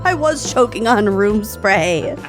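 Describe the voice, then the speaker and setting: A woman's voice: mid-range voice, lively intonation, slow pace, faint music behind. A woman co-hosting a podcast in casual chat, joking and laughing often. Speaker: podcast co-host.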